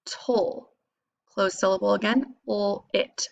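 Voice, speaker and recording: A woman teacher giving a phonics lesson to young students, patiently sounding out syllables slowly and clearly. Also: medium pitch, a bit bright, muffled recording.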